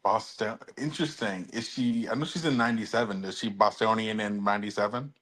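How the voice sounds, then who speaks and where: A man's voice: lowish voice, fairly quick, a bit bright, poor audio. A man co-hosting a casual pop-culture podcast, laid-back, mostly reacting with short remarks. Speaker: podcast co-host.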